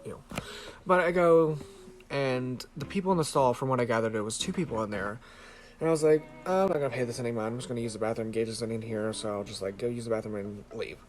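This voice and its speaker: A man's voice: medium pitch, fast talker, soft background music. A man vlogging to a camera held close, telling a story casually in a rambling way, swearing freely and filling with "like". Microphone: handheld camera close to face.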